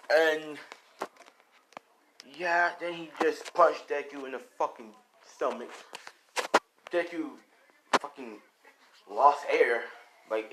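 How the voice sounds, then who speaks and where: A young man casually narrating an improvised fan story, rambling, swearing and full of fillers. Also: fairly high pitch. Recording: noisy home recording.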